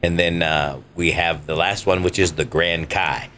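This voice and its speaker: A man, a voice actor and stand-up comic, chatting as a podcast guest and telling stories with animated energy. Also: low voice, measured pace, a little hiss or hum. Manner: animated storyteller who acts out voices. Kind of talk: casual interview chat.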